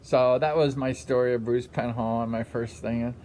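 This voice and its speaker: A former speedway rider in his sixties, casually telling a story from his racing days, animated and full of fillers. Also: medium pitch, normal speed, a little hiss or hum. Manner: animated, acts out quotes, many fillers. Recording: music under the voice. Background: background music.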